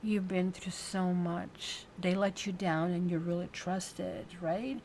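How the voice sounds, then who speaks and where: A woman voicing a nurturing woman of light in a retold tarot tale, speaking slowly and softly. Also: fairly low pitch, slight background noise. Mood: soothing. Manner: slow, soothing, soft.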